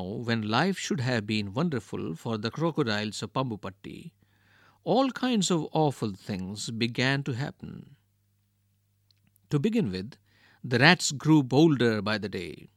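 A man reading a children's storybook aloud, page numbers included, in an expressive way. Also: no room sound, studio quality. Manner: expressive, with swings in pitch and volume. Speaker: reader.

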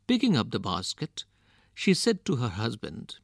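A man reading a picture book aloud, slow and deliberate, with expressive delivery. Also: mid-range voice, gravelly, no echo, clean studio sound. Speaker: storyteller.

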